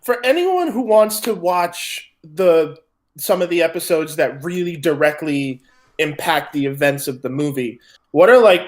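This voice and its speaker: A man on a group call asking a long, relaxed question. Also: on the high side, a little slow. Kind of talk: casual group call chat.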